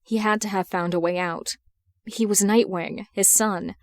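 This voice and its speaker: A woman reads fan fiction aloud in a steady, even narrating voice of middle pitch. The recording is close and dry, made at home with no room echo. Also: measured pace. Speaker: podfic reader. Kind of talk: audiobook narration.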